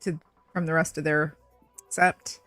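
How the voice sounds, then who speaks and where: A woman's voice: sits low, level tone, unhurried, a bit bright, no room sound, faint music behind. A woman co-hosting a casual fan discussion over a video call, speaking in an emphatic, insistent way. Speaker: podcast co-host.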